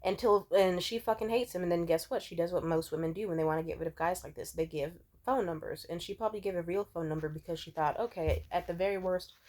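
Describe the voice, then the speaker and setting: A woman's voice: on the low side, fast talker, hardly any pauses, darkish tone. A young woman giving casual commentary on fictional characters, blunt and profane in how she tells it. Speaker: video essayist.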